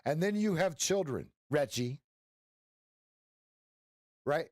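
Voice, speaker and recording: Middle-aged man, trading coach, casual stream talk, rambling, joking, slightly high voice, dry sound. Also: lively intonation, slow pace, darkish tone, dry recording. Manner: rambling and joking, with frequent restarts and "right?" tags.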